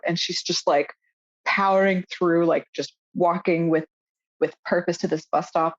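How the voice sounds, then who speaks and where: A young woman co-hosting a podcast, recapping a show in casual, animated chat full of fillers and swearing. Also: low voice, muffled recording. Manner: animated, swearing, lots of fillers and quoted lines. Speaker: podcast co-host.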